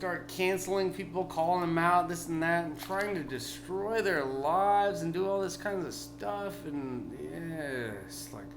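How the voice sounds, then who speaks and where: A tipsy man delivering a rambling, profane vlog rant that bursts into yelling. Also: on the high side, measured pace, hardly any pauses, noisy background. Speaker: vlogger. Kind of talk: ranting vlog monologue.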